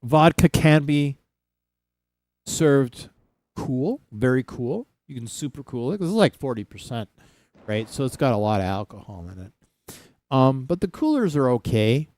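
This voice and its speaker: A man's voice: mid-range voice, animated, measured pace, darkish tone, dry recording. A man hosting a casual livestream, chatting loosely with viewers and rambling with frequent restarts. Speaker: livestream host. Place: home in Saskatchewan.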